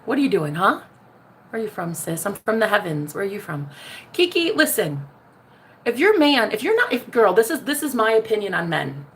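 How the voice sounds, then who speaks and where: A woman's voice: medium pitch, sing-song, moderate pace, a little hiss or hum. Sassy woman ranting to the viewer. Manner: sassy, talks straight to the viewer, calls them honey; laughs often, jumps between loud and hushed. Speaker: vlogger. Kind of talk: casual spiritual vlog rant.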